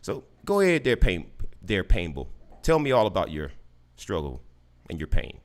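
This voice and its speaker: In a combative live exchange with a caller, a male podcast host taunts and mocks him with sarcastic, repeated questions, often stammering and starting over. His low voice swoops wildly in pitch, and he talks at normal speed.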